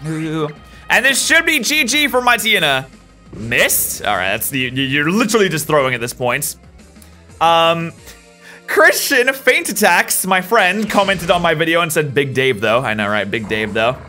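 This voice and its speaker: A woman's voice: deep voice, big pitch swings, a little slow, pushed and bright, soft background music. A woman hosting a game let's play, chatty and joking as she plays and reads out comments. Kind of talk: gameplay commentary, reading comments.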